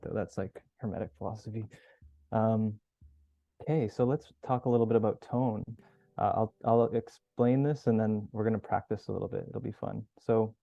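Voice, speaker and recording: A man hosting a group video call as coach, teaching in a relaxed, casual way. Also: fairly low pitch, gravelly, dry recording. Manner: relaxed, casual, swears now and then. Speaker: workshop host and coach. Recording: dull lo-fi call audio with faint music.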